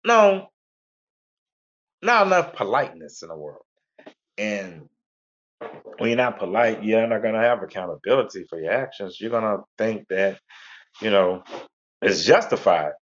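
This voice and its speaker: A man hosting a talk radio show, rambling in a laid-back, repetitive way. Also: medium pitch. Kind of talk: casual monologue. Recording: lo-fi internet radio audio.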